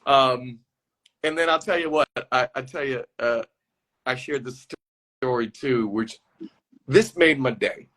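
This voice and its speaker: An actor chats casually as a guest on a live phone call, rambling through stories with many restarts. His mid-range voice is unhurried and fairly bright, with frequent pauses.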